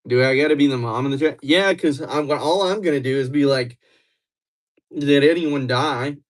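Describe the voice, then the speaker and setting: Playful man chatting on a livestream. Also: mid-range voice. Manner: playful, teasing, quick to get excited. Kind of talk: casual livestream chat with viewers.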